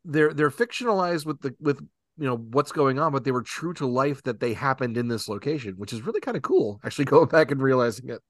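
A podcast co-host in casual chat, animated and laughing often while sharing film trivia. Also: mid-range voice, fast talker, no room sound, clean studio sound. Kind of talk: casual movie recap chat.

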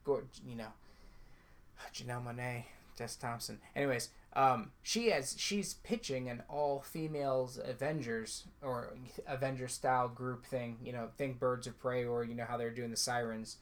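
A man's voice: mid-range voice, normal speed. A man hosting a casual podcast who teases his co-host and talks over him. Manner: playful, teasing, talks over others. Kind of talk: casual movie review chat.

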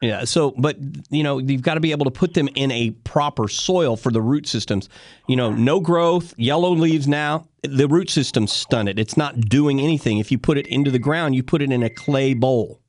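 Folksy radio garden host. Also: male voice, medium pitch, normal speed, a little mellow, no room sound. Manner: folksy, chatty, laughs easily. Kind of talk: casual call-in radio talk. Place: radio studio. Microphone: studio microphone.

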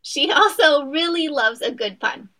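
A woman's voice: high voice, lively intonation, a little slow, bright, forceful tone. A woman co-hosting a podcast, reading an upbeat scripted introduction of her guest. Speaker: podcast co-host.

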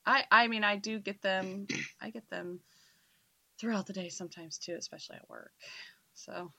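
Woman ghost hunter w/ hiccups, bright crisp voice, lively storyteller, laughs a lot. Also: mid-range voice, moderate pace, no echo. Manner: animated, laughs often while telling stories. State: has the hiccups. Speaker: paranormal investigator guest. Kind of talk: casual storytelling chat.

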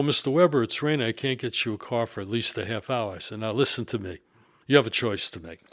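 A middle-aged man tells stories in an emphatic, indignant way. His pitch swings widely as he leans on his points. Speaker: show guest or co-host telling stories. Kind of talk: casual storytelling chat.

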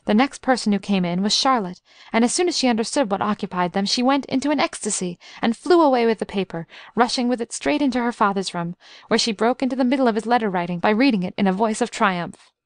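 A woman reading a classic novel aloud in measured scripted narration. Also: on the high side, dry recording, studio quality. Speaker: audiobook narrator.

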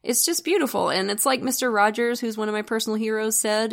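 A woman's voice: a little high, fast talker, vocal fry. A woman hosting a true crime podcast, telling the story in a chatty, wry way and laughing often. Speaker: podcast host.

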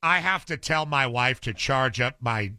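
A man's voice: medium pitch, lively intonation, measured pace, bright, forceful tone, no echo. A middle-aged man hosting a radio show, chatting casually in a dry, grumbling way. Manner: grumbling, dry, self-described cranky. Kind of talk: casual on-air banter.

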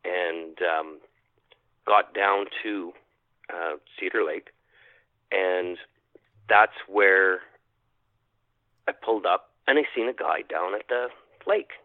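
A man's voice: sits low, slow, pauses often, no echo. Man telling a story over a tinny line. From Canada. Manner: animated storyteller, acts out his own thoughts, repeats phrases. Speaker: podcast guest. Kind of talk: telling a personal encounter story. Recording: dry tinny phone-line sound.

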